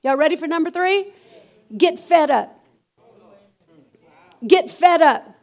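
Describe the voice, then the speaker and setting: A woman preacher delivering an animated sermon, calling out to her congregation. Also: very high voice, slow pace. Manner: animated, call-and-response preaching with exclamations.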